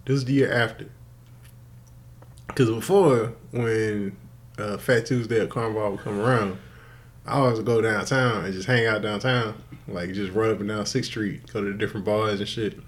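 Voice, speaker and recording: A man's voice: fairly low pitch, fairly even intonation, moderate pace. A man co-hosting a podcast in casual chat, telling stories animatedly, swearing freely and laughing often. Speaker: podcast co-host.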